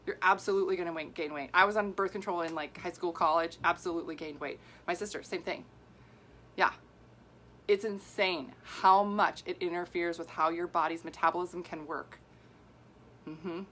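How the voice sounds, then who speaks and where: Animated woman in her 40s, health coach doing a live video, bright forceful voice, gets all worked up. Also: lowish voice, normal speed. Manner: animated and worked up, laughing, acting out quoted people. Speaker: women's health coach and host. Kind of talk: casual live video answering viewer comments.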